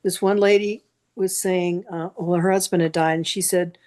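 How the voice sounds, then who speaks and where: A woman's voice: lowish voice, fairly even intonation, normal speed, a little mellow. A woman taking part in a casual class discussion, chatty with blunt asides. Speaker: class member.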